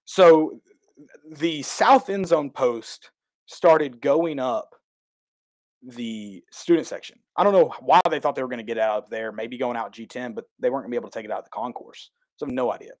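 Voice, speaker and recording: A man tells a long story in casual chat. He rambles, backtracks and corrects himself, his voice sitting at an ordinary middle pitch. The mic is close and dry, with no room sound. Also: normal speed, no echo. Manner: excitable, rambling, self-correcting. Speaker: podcast co-host.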